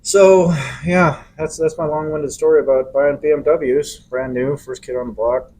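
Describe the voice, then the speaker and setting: A middle-aged man spins a rambling story in loose conversational talk, slipping in quoted lines as he goes. His voice sits a little high for a man, and faint noise hums under the recording. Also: steady tone, normal speed, a little mellow, low-quality recording. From Los Angeles area. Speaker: podcast co-host. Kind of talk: casual chat, storytelling.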